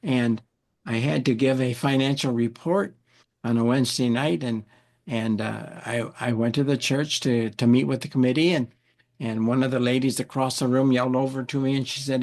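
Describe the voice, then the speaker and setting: A man, an interview guest, telling an animated story, often repeating words and acting out what people said. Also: medium pitch, normal speed. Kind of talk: anecdotal storytelling.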